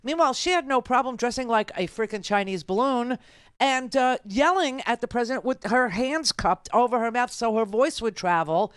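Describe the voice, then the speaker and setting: A woman's voice: on the high side, expressive, moderate pace, smooth, dry recording, clean studio sound. A woman hosting a political talk radio show, giving sarcastic, combative commentary.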